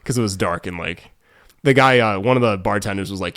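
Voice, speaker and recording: A man's voice: lowish voice, animated, normal speed, a bit bright, no echo, studio quality. A young man with a New England accent, co-hosting a podcast and rambling through a story in casual chat, full of fillers and restarts. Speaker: podcast co-host.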